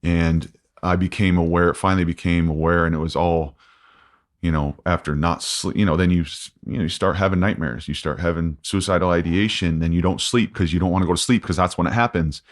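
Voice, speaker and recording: A man in his forties, a podcast guest, talking candidly and haltingly with many restarts and fillers. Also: deep voice, steady tone. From United States. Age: 40s. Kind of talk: candid interview.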